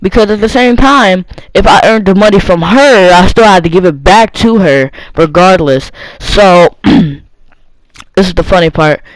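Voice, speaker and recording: A man's voice: high voice, measured pace, no echo, poor audio. A young teenage boy telling a rambling personal story, with lots of fillers and restarts. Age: young teen. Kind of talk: casual storytime monologue.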